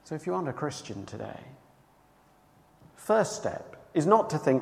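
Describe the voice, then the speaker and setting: A man preaching a sermon, emphatic and earnest, moving between loud cries and hushed tones. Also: a little high, sing-song, normal speed, vocal fry, in a large hall.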